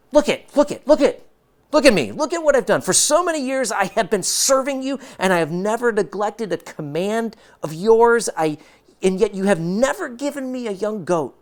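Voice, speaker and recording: This is a bitter older brother, whining about everything he has done and everything he never got, as a preacher puts him on. The voice jumps well above the man's own and pushes loud and fast, with the sound of a grievance. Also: sing-song. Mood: indignant whining. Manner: high complaining pleading. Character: resentful older brother, adult man, whining.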